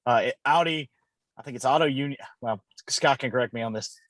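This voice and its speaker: A man's voice: mid-range voice, brisk, fairly bright tone, no room sound. Opinionated man, dry close sound. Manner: opinionated, fond of correcting pronunciation. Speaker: podcast co-host. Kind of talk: casual chat.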